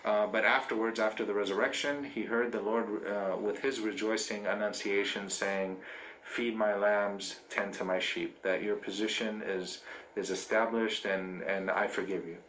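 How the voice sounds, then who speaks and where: Male priest, preaching off the cuff; lowish voice, faint room noise behind. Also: fairly even intonation, moderate pace, a bit bright, echoey room, poor audio. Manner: unscripted, with frequent fillers and restarts. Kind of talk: sermon. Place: church.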